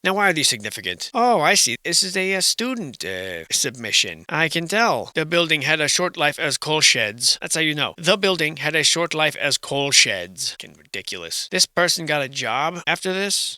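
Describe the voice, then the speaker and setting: Sarcastic whispering man, crisp bright voice. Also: fairly high pitch, no echo. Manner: sarcastic, mocking asides and sudden put-on voices. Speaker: host. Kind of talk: whispered comedic commentary over archive photos.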